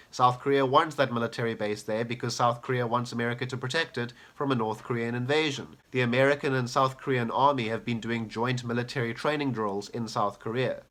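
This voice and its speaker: A man's voice: medium pitch, a bit bright. A man giving an argumentative commentary, firing off rhetorical questions with sarcastic asides. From South Africa. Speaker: political commentator. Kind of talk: argumentative video essay.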